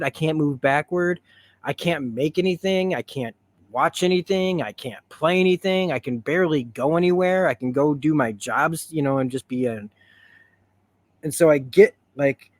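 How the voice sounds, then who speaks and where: Excitable man rambling through a review. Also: on the high side, moderate pace. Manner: rambling, excitable, retells scenes. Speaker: show reviewer. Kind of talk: stream-of-consciousness review.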